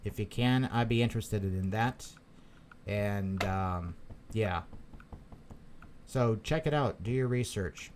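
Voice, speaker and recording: A man's voice: lowish voice, takes it slowly, pauses often, noisy background. A man hosting a live stream, chatting casually and reading out viewer comments, rambling with many repeated words and fillers. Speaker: crypto channel host.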